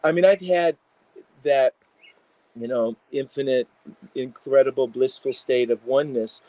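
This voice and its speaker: Guy telling wild stories in an interview, lots of you know, middle pitched, dry sound. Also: a little slow, dry recording, poor audio. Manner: animated, many fillers, acts out quotes. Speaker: integration psychologist, guest. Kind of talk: casual interview storytelling.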